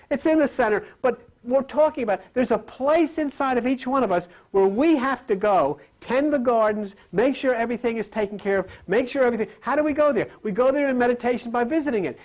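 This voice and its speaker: A man with a very high voice delivers a live spiritual lecture to an audience. He rambles in a conversational way, tossing in jokes and rhetorical questions.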